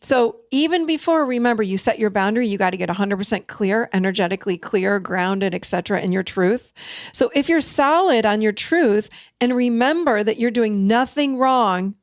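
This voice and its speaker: A middle-aged woman talks straight into a close mic with no room sound, coaching her listeners in a relaxed way. She leans hard on key phrases, repeats them for weight, and drops in quick laughs. Her pitch sits at a middling level for a woman. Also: no room sound. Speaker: podcast host and coach. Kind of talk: casual teaching monologue.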